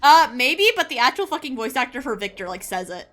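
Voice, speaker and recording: High, lively, bright-voiced woman streamer. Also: a little fast. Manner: loud, laughing, swears freely. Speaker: streamer playing a horror game. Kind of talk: casual chat while gaming.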